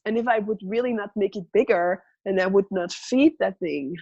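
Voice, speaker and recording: A woman's voice: mid-range voice, normal speed, vocal fry, dark tone, highs cut off. A woman speaking as a guest facilitator in a conversational video call, reflective and full of questions, acting out inner voices.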